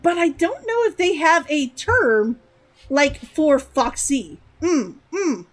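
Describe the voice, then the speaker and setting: Young woman, casual game commentary; chatty, giggly, lively high voice. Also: slow pace, low-quality recording. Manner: chatty and rambling, laughs often, repeats words. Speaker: streamer.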